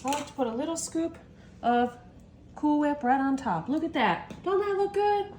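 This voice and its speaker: A high-voiced woman talks eagerly to her viewers in a casual cooking vlog, calling them "y'all." Dishes and cutlery clink faintly behind her. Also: normal speed, a little mellow, a little hiss or hum. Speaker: home cooking vlogger.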